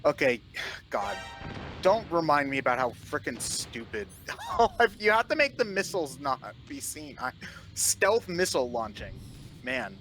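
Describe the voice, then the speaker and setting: A man's voice: a little high, sing-song, measured pace, fairly bright tone, soft background music. A young man co-commentating a charity game stream, reading donations and laughing often. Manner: laughs often while talking.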